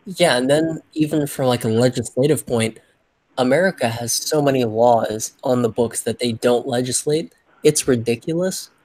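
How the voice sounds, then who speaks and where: A man's voice: medium pitch, moderate pace, a little mellow, no echo, poor audio. Guy arguing his point step by step on a podcast, mid voice, dry close sound. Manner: argumentative, reasoning point by point. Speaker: podcast co-host. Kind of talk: casual chat.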